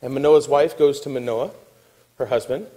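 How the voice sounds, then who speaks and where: A man preaching a sermon, telling a Bible story with lively, animated delivery and acting out the characters' voices. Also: medium pitch, normal speed, rough recording. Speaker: pastor.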